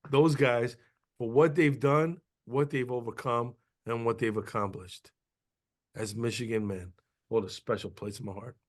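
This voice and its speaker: Sentimental rambling man, casual podcast. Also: on the low side. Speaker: podcast co-host. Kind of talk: casual sports chat.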